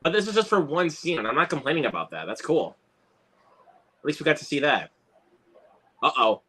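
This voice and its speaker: An excitable man hosts a casual movie watch-along, cursing lightly as he reacts. His voice is bright and forward, and his pitch swings widely. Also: slight background noise. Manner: excitable, swears, quick reactions. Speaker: host.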